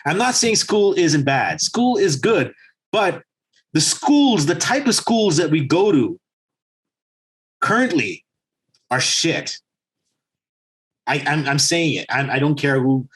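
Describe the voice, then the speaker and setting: Man, podcast co-host, fairly high voice, lively swings in pitch, swearing storyteller. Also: slow pace, pauses often, husky. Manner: animated, profane storytelling. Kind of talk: casual chat.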